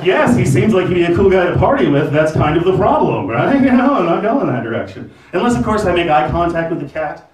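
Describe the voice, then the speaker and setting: Male stand-up comic, lively swooping delivery, "right?" asides, echoey club sound from a distance. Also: high voice, brisk, few pauses. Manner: animated storytelling, frequent "right?" asides. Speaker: stand-up comedian. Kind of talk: stand-up comedy set. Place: comedy venue with live audience. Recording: roomy, from far off.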